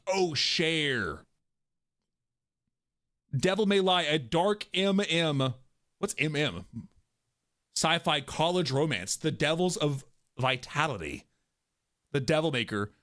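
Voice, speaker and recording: A man's voice: fairly high pitch, animated, a bit bright, dry recording, studio quality. Laughing, jokey male streamer. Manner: jokey, quick to laugh, reacting aloud. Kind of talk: casual stream commentary and reading aloud.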